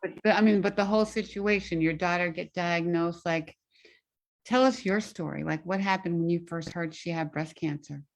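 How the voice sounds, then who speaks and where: A woman with a fairly low voice hosts a talk show and gently asks a guest to share her story. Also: normal speed, creaky. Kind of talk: interviewing guests.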